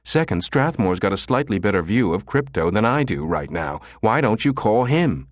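A man's voice: on the low side, very animated, normal speed, dry recording, clean studio sound. A man voicing a sarcastic male computer technician who grumbles and jokes drily. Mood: grumbling.

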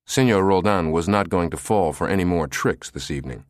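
A man narrating a thriller novel as an audiobook, in an expressive storytelling manner. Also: deep voice, a little fast, few pauses, no room sound, clean studio sound.

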